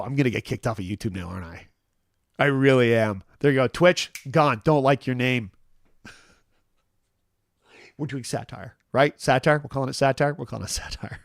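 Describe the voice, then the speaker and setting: A man's voice: mid-range voice, normal speed, vocal fry, long pauses, no room sound, studio quality. Rambling man hosting a chill morning stream. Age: 40s. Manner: rambling, self-deprecating, many restarts and fillers. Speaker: host. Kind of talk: casual live-stream chat.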